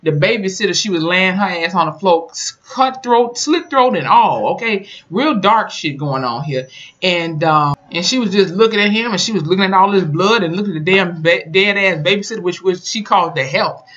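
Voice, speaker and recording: A YouTuber recapping a horror episode in a casual, profane, animated way, full of sassy asides. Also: medium pitch, moderate pace, dull audio. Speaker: TV episode reviewer.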